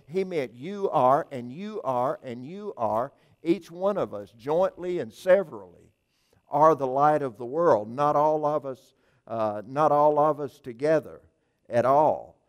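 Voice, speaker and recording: A man's voice: fairly high pitch, a little mellow. Male preacher, evening church sermon, earnest, emphatic, repeats himself. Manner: occasional restarts and filler words.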